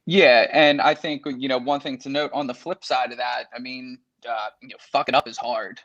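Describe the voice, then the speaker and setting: A man's voice: mid-range voice, fairly even intonation, moderate pace, a bit bright. A man being interviewed as a guest, speaking casually with many fillers and chuckles. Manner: laid-back, many fillers, chuckles while talking. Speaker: podcast guest. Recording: dull lo-fi remote audio.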